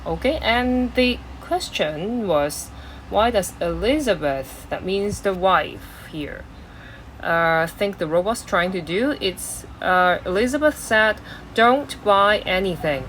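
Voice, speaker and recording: A woman's voice: mid-range voice, expressive, slow pace, a bit bright, a little hiss or hum, rough recording. A woman teaching an exam-prep English lesson, explaining step by step with many fillers and restarts.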